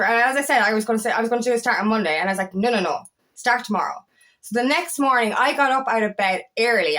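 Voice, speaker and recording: A woman's voice: on the high side, a bit bright. Chatty woman coach rambling about habits. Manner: chatty, rambling, frequent restarts and "like". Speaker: empowerment coach. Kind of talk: casual motivational monologue.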